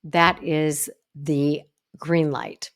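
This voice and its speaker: A woman's voice: flat delivery, very slow. A middle-aged woman psychologist hosting a solo podcast, teaching emphatically and acting out example conversations. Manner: emphatic, acts out example dialogues, punctuates with "boom".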